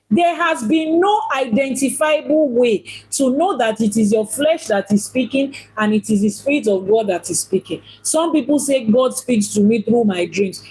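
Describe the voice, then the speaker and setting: Husky-voiced woman teaching about faith. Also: fairly high pitch, a little mellow, rough recording. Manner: questioning, rhetorical, repeats points for emphasis. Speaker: Ifá priestess and teacher. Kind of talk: teaching talk on religion.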